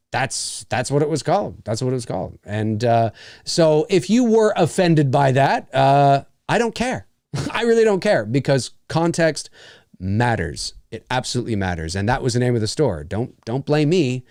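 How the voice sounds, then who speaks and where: A man's voice: a little high, animated, moderate pace, a little mellow, no echo, studio quality. A middle-aged man from Canada co-hosting a podcast in casual chat, rambling and emphatic, blunt about not caring. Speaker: podcast co-host.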